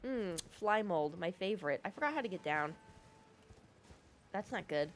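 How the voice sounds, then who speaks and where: A woman's voice: lowish voice, expressive, moderate pace, slight background noise. A woman telling a long story while she plays a game, drifting off topic as she goes. Her delivery is casual and sarcastic, with plenty of swearing. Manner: profane, rambling, sarcastic. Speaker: gaming video creator. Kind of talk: casual storytelling over gameplay.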